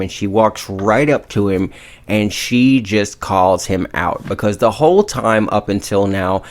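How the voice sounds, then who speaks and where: A low-voiced man co-hosting a podcast who recaps a movie plot with animated, profane energy. He talks in a casual, loose way. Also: unhurried. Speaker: podcast co-host.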